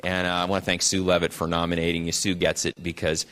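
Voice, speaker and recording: Deep-voiced man giving a ceremonial speech. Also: completely flat delivery, fast, a bit bright. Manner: earnest, with frequent fillers and restarts. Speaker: council member presenting an award. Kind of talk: ceremonial speech at a council meeting.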